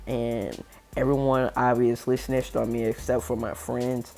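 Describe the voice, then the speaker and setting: Teen guy, gravelly mid-pitched voice, loose slangy storyteller, faint music behind. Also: flat delivery, unhurried, darkish tone. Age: teens. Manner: rambling, slangy, laid-back storytelling. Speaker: gaming channel storyteller. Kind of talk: casual storytime over gameplay.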